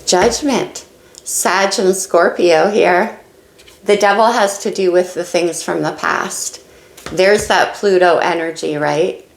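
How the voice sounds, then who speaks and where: Gravelly low-voiced woman reading tarot. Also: fairly even intonation, slow, echoey room, a little hiss or hum, low-quality recording. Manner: musing, thinks aloud card by card. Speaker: tarot reader. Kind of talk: casual tarot card reading.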